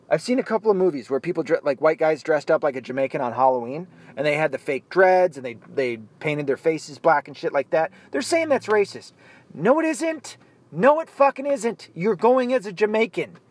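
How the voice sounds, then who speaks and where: A man's voice: on the high side, no echo. Profane ranting man. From United States. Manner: profane, blunt, heated. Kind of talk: solo opinion rant.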